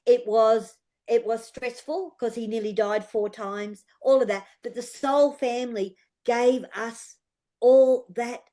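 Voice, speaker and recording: A woman's voice: a little high, steady tone, slow pace, mellow. An older Australian woman, a guest healer, telling heartfelt personal stories in an interview, earnest and given to repeating her phrases.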